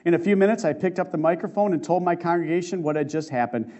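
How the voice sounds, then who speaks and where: A man's voice: a little high, mellow. Earnest male preacher, muffled recording. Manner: earnest, emotive, with slow dramatic stresses. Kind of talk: sermon reading a testimony aloud.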